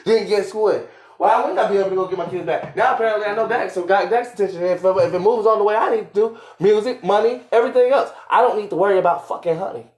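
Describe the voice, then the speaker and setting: A young man arguing angrily and profanely with his partner on a live stream, repeating himself and shouting. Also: high-pitched, fast talker. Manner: angry, profane, repetitive shouting. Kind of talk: heated argument on a live stream. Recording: echoey room.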